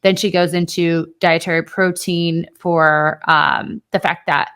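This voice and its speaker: A woman's voice: lowish voice, flat delivery, unhurried, fairly bright tone, clean tone. A woman co-hosting a podcast, chatting casually and emphatically about fitness, with the odd swear word. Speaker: podcast co-host.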